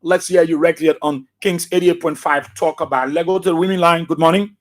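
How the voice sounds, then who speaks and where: A man's voice: fairly high pitch, fairly even intonation, brisk. A man with a Liberian English accent hosting a call-in radio talk show, ranting combatively at opponents before taking calls. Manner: combative, scolding rants at opponents.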